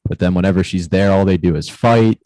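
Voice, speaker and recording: Dry-sounding low-voiced man riffing sarcastically. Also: fairly quick, mellow, no room sound. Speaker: podcast co-host. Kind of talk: casual comedy podcast banter.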